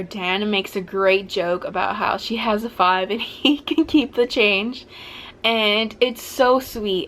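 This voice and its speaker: A woman's voice: medium pitch, fairly bright tone, slight background noise. A young woman vlogger chatting casually through a TV recap, full of "like" and playful asides. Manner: chatty, with upbeat fillers like "like" and "blah, blah". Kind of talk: casual chat.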